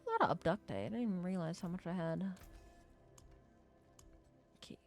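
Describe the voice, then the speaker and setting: A woman's voice: fairly low pitch, lively intonation, quick pace, faint music behind. A young woman streaming a game, chatting casually and jokingly to herself and her chat, swearing freely. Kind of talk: live gaming stream chatter.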